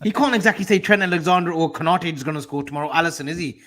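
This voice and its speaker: Man, panel host, teasing, relaxed chat, slightly high pitch. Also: rapid-fire. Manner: teasing, laid-back, addresses the audience. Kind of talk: casual chat.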